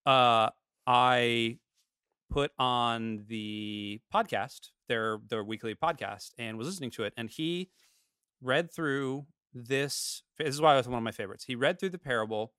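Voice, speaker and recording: A man from Florida co-hosting a church podcast, telling stories in a lively casual way and acting out quoted lines. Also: medium pitch, unhurried, smooth, no echo, clean studio sound. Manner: animated storyteller, acts out quotes. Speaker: podcast co-host. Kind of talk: casual chat.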